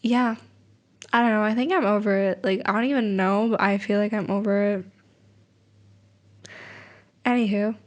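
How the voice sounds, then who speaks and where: A young woman vlogging casually, rambling softly and sometimes dropping to a whisper. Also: medium pitch, steady tone, normal speed, pauses often. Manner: soft, rambling, drifts into whispers. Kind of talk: casual late-night vlog chat.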